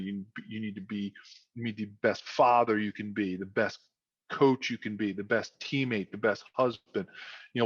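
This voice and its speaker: Guest: Philly-accented man in his 50s, lively storyteller, lo-fi dry sound. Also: fairly low pitch, dry recording. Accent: Philadelphia. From South Philadelphia. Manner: animated storyteller, frequent restarts and repetitions. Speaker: guest, former football player. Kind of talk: casual chat.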